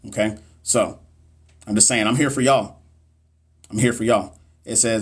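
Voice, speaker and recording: A man's voice: lowish voice, fairly even intonation, unhurried, pauses often, breathy edge. A young man tutoring nursing exam questions on a phone livestream, speaking casually and bluntly with slang, reading questions aloud and encouraging viewers. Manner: reads quiz questions aloud, then chats with viewers. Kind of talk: live-streamed Q&A teaching.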